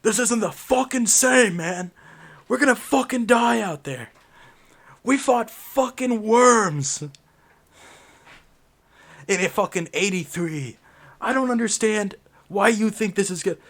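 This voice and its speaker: A man voicing a shaky, fervent old man who rants and curses loudly in a tabletop game. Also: high voice, animated, takes it slowly, pauses often, pitched above the performer's own voice, heavily acted. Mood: agitated. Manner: loud, agitated, profane ranting.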